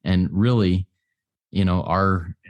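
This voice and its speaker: Deep-voiced man sharing earnestly. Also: fairly even intonation, dull audio. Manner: earnest, halting, with many restarts. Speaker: recovery meeting speaker. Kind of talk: reflective personal share.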